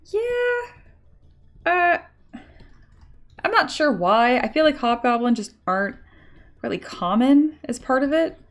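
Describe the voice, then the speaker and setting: A woman's voice: high-pitched, animated, measured pace, long pauses. A woman chatting casually on a live stream while she sculpts, laughing often and reading viewer comments aloud. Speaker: 3D sculptor streaming her work.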